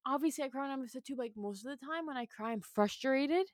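A woman co-hosting a casual sports talk show, expressive and rambling, with many fillers. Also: sits high, fast talker, no echo, clean studio sound. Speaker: co-host.

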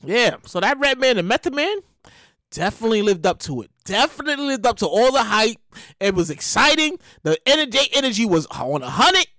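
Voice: mid-range voice, a little fast, no echo, clean studio sound. A solo show host giving casual, rambling celebrity news commentary, slangy and profane, repeating lines for effect. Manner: animated, rambling, repeats lines, curses freely; slangy, conversational delivery.

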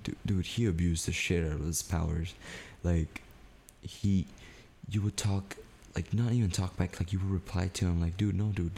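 A man's voice: low voice, warm tone. A young man co-hosting a podcast, telling a story in a loose, profane way, full of "like" and "dude". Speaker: podcast co-host. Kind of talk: casual storytelling chat.

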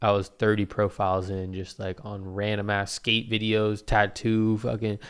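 A man's voice: fairly low pitch, monotone, moderate pace, clean tone. A young man telling a story in a rambling, profane and slangy way. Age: young adult. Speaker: vlogger. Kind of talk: casual storytelling.

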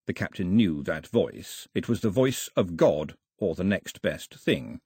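Reading an audiobook, a male narrator uses an expressive, storytelling style, his husky voice rising and falling freely through each sentence. He is unhurried yet barely pauses. The recording is close and dry, with no room sound.

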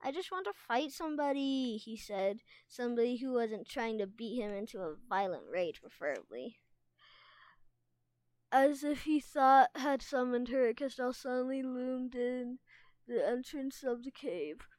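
A woman reading a children's fantasy novel aloud at a steady pace, with small stumbles. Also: on the high side, a little slow, no echo. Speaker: reader.

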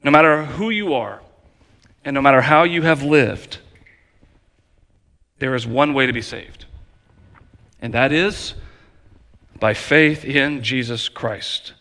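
A man preaching a sermon as pastor, emphatic and repetitive, swinging between loud declarations and quiet low passages. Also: takes it slowly, pauses often. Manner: emphatic preaching with repeated phrases, varying loud and soft. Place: church sanctuary. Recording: long hall reverb.

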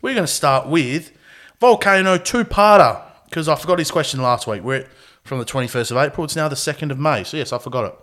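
A man's voice: on the high side, a little fast, a bit bright. A man hosting a podcast, telling a rambling story and laughing through his own anecdotes. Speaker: podcast host. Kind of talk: casual chat.

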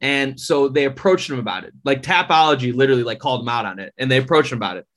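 A man's voice: medium pitch, fast talker, fairly bright tone. A man co-hosting a podcast, chatty and eager to tell a story. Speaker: podcast co-host. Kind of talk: casual chat.

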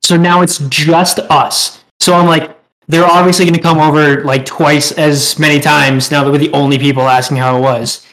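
A man's voice: a little high, flat delivery, normal speed, hardly any pauses, a bit bright, poor audio. A young man co-hosting a podcast, telling a rambling, profane story in casual chat and laughing as he goes. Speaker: podcast co-host.

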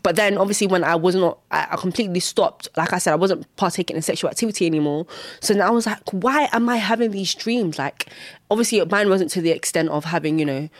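A young woman talks through her testimony in a lowish voice, circling back and repeating phrases. Now and then she jumps into high, worked-up exclamations. The recording is close and dry, with no room around her. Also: fast talker, dry recording. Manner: candid, repetitive, bursts into high exclamations. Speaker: Christian vlogger sharing testimony. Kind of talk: personal testimony monologue.

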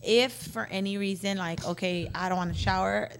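A woman's voice: medium pitch, fairly even intonation, normal speed, gravelly, slight background noise. Playful teasing woman co-host. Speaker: podcast co-host. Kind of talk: casual chat.

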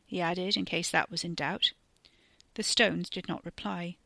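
A woman reads dark fiction in a measured, deliberate voice that slows down at tense moments. Her tone is bright and a little low, and the sound is dry and close with no room around it. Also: fairly even intonation, vocal fry, no room sound. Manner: measured, slowing for tension. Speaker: podcast storyteller. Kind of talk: scripted narration.

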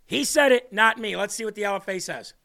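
Fired-up high-voiced male show host. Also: a little fast, creaky, bright, forceful tone. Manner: combative, ranting, emphatic. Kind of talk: heated political commentary livestream.

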